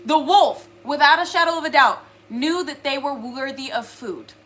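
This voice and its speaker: A woman's voice: high-pitched, normal speed, sharp tone. A woman giving a casual spiritual reading to her viewers, earnest and rambling, with many filler words. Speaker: spiritual reader.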